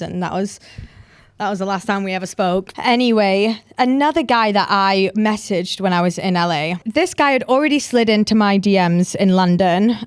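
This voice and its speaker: A young woman hosting a podcast, telling a story in a chatty, animated way with lots of "like" fillers. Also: medium pitch, smooth, dry recording, studio quality. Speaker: podcast host. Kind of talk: casual storytelling chat.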